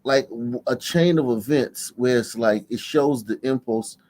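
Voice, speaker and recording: A man's voice: mid-range voice, a little slow. A man hosting a casual panel chat, acting out imagined dialogue. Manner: animated, acts out imagined dialogue. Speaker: host.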